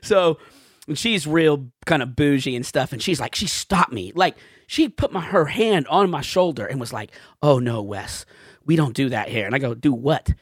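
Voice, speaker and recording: Guy with a higher voice telling a story, swings up and down a lot, dry close sound. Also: normal speed, slightly rough, dry recording. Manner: animated storyteller, laughs often, swears. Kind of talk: casual chat.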